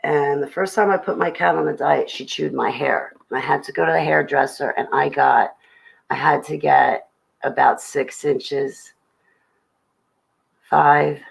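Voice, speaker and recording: Young woman livestream host, low gravelly voice, rambling and chatty, greets her chat. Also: steady tone, unhurried, rough recording.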